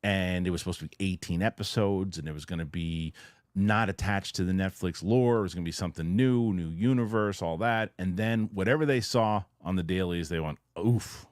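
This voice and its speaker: A man hosting a casual news-reaction chat show, talking in a rambling, animated way with loose restarts. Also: deep voice, fairly quick, dry recording, studio quality. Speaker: show host.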